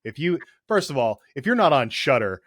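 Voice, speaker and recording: A man's voice: mid-range voice, sing-song, a little fast, fairly bright tone, no room sound, clean studio sound. A man hosting a podcast in casual chat, jokey and enthusiastic, with loose, rambling sentences. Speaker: podcast host.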